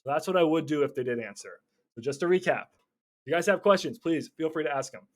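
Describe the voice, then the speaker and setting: A young man teaching casually about cold calling, acting out both sides of phone calls in lively voices. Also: fairly high pitch, brisk. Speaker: real estate wholesaling coach.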